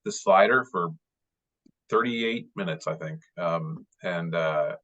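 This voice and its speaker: Late-40s male guest, deep voice, chatty and rambling, dull video call audio. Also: takes it slowly, pushed and bright. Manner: rambling, many fillers and restarts, fond and chatty. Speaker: baseball writer, guest speaker. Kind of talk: casual interview over video call.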